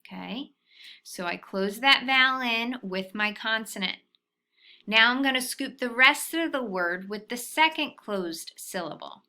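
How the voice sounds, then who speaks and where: Woman, phonics teacher for little kids, unhurried, bright clear tone. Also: fairly high pitch, expressive. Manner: slow, patient, sounding out syllables. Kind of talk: phonics lesson for young children.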